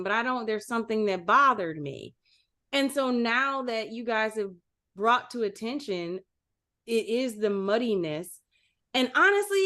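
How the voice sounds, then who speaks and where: A woman co-hosting a podcast, talking in an animated, candid way and swearing casually. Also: medium pitch. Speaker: podcast co-host. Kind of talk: casual chat.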